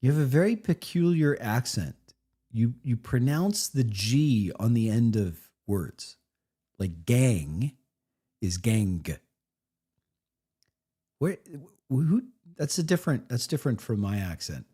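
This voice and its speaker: A man's voice: medium pitch, animated, unhurried, dark tone, husky. A man critiquing a recorded game session on a live stream, rambling with frequent restarts. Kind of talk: live reaction commentary.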